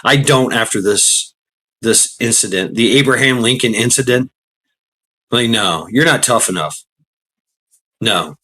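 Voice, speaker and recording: A man's voice: medium pitch, measured pace, long pauses, sharp tone, husky. Brash streamer, mid-range male voice, blunt profane rant to his chat, frequent laughs. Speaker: livestream host. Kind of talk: casual ranting commentary to live chat. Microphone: computer mic on a live stream.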